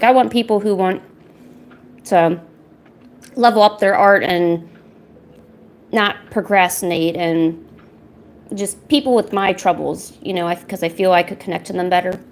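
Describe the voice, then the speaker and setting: A woman's voice: medium pitch, a little slow, long pauses. A woman chatting candidly while she paints at home, rambling a little and swearing casually. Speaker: art streamer.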